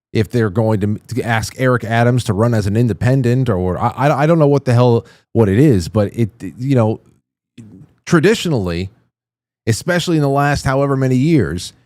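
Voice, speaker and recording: Male show host, mid-pitched, close dry mic, indignant and profane political rant. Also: darkish tone, dry recording. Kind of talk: opinionated political commentary.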